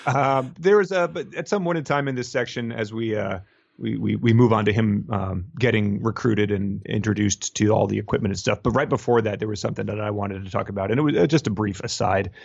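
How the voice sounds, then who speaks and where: A man's voice: fairly low pitch, fairly quick, vocal fry, a little mellow, no room sound, muffled recording. A man co-hosting a podcast in casual chat, wry and rambling, laughing often. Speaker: podcast co-host.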